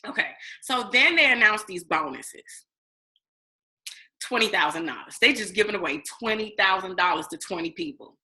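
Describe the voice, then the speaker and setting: Bright animated woman telling a story. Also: medium pitch, normal speed, low-quality recording. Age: 30s. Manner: animated storytelling, acts out her past self, addresses viewers as y'all. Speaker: network marketing distributor. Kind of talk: casual testimonial vlog.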